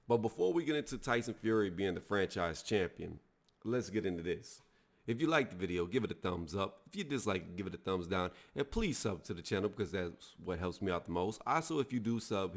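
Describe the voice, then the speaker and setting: Blunt, heated low-voiced man. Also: creaky. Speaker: boxing video reviewer. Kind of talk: casual opinion commentary.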